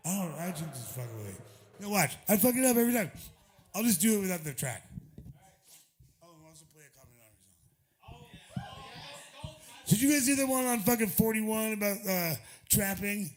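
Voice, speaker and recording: A man's voice: high-pitched, sing-song, moderate pace, pauses often, faint music behind. A man musician chatting on a club stage between songs, rambling, swearing freely and chuckling at himself, recorded through a stage vocal mic. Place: small live music club, indoors.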